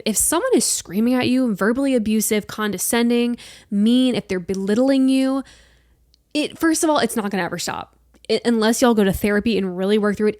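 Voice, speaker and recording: A woman's voice: medium pitch, no room sound, studio quality. A young adult woman hosting a solo podcast, talking bluntly and emphatically and swearing freely. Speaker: podcast host.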